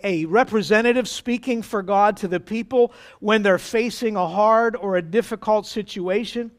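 A pastor preaching a sermon to his congregation, with dramatic pauses and acted-out quotes. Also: high voice.

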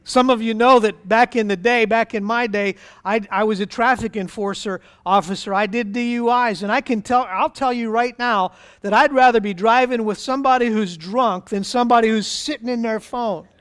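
A man's voice: high voice, fairly bright tone, clear, resonant tone. A middle-aged man pastor giving a sermon in a conversational way, with asides and acted-out voices.

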